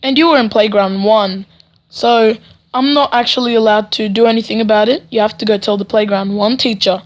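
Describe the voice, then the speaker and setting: An indifferent schoolteacher lays out her excuses flatly, as a young man quotes her. The voice sits a little high. The tone is plain and matter-of-fact. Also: brisk, close to an everyday voice. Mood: dismissive. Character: indifferent female school playground teacher.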